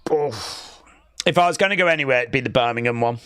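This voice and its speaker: A man hosting a live watch-along stream, chatting casually, reading out viewer comments and calling the action with sudden excitement. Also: medium pitch, fast talker, smooth, dry recording. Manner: excitable, chatty, reads chat aloud.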